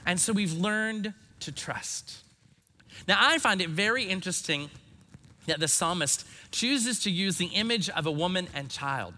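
A man in his forties preaching a sermon, earnest and reflective, letting his phrase ends fall soft. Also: high-pitched, lively intonation, measured pace. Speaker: pastor. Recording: long hall reverb.

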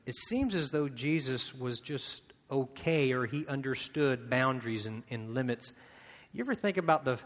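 Bright-toned preacher in an echoing hall. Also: male voice, mid-range voice. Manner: conversational preaching, frequent rhetorical questions and repetition. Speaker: pastor. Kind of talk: sermon. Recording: long hall reverb.

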